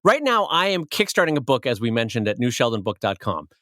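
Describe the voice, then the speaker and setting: Bright, playful male podcast co-host. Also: medium pitch, sing-song, brisk, dry recording, studio quality. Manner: playful teasing, mock-grand praise. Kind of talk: casual shop talk.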